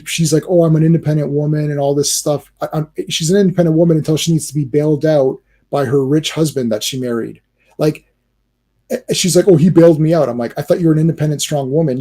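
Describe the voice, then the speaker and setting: A man's voice: medium pitch, warm tone. A man hosting a casual livestream, ranting animatedly about movies with many restarts and fillers. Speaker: livestream host.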